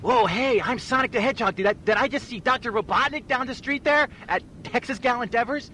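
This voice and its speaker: A man putting on the voice of a hyper young male cartoon hedgehog hero, talking rushed and pushy. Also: extremely high pitch, bright, forceful tone, a little hiss or hum, pitched above the performer's own voice.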